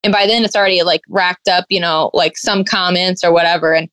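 A young woman tells her stories in an animated, casual way, dropping "like" into nearly every phrase. She acts out other people's lines with big jumps in pitch. The sound is dry and close. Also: brisk, no room sound. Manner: animated storyteller, acts out quotes, heavy on "like". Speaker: guest content creator. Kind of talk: casual chat.

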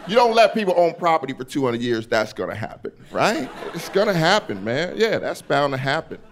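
A man performing a stand-up comedy set on a club stage, animated and acting out characters. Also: a little high, a little fast, slight background noise.

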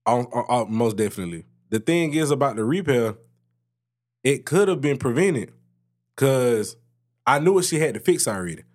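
A man co-hosts a casual podcast, telling a story about work. His pitch swings widely and jumps up high when he gets worked up. He swears freely and talks in loose, animated bursts. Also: moderate pace. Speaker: podcast co-host. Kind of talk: casual chat.

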